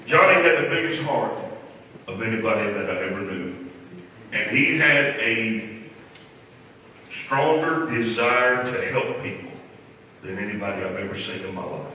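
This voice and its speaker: A man's voice: fairly low pitch, expressive, normal speed, pauses often, bright, forceful tone, slight background noise. A man giving a funeral eulogy in a folksy, humorous storytelling way. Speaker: eulogy speaker. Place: large church hall. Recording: echoey hall from far off.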